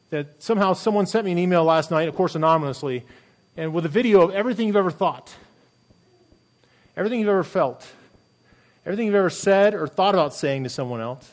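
Man, pastor, middle-aged, slightly high voice, earnest emphatic sermon, rhetorical questions.

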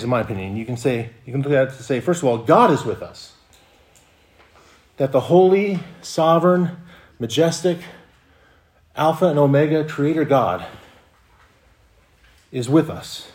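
A man preaching a sermon as pastor, earnest, often repeating words as he restarts a phrase. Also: mid-range voice.

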